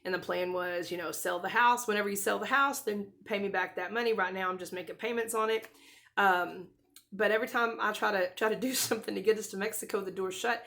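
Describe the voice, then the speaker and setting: Earnest woman with a creaky voice. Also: mid-range voice, steady tone, brisk. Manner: earnest, rambling, with many restarts and soft laughs. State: close to tears. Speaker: vlogger. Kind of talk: casual talk to camera.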